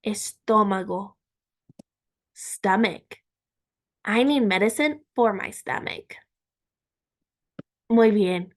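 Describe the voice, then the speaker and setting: A woman teaching a Spanish lesson, saying each word slowly and repeating it for learners. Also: mid-range voice. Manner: slow and deliberate, repeating words for learners. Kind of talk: language lesson.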